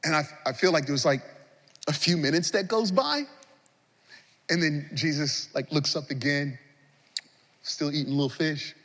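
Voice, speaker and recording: A man preaching a sermon as pastor of a large church, swinging between loud passionate appeals and hushed moments. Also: a little high, moderate pace, long pauses, big-room sound.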